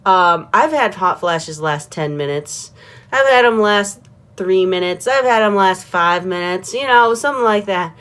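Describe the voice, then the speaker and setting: A woman's voice: medium pitch, expressive, measured pace, a bit bright. A middle-aged woman talking casually in a personal vlog, rambling and laughing often as she acts out what others say. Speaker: vlogger.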